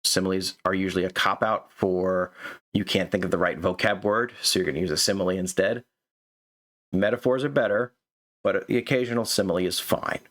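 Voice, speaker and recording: A man's voice: low voice, fairly quick, fairly bright tone. A man hosting and critiquing a manuscript in casual, chatty commentary, often stammering and repeating words. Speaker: host reviewing a manuscript.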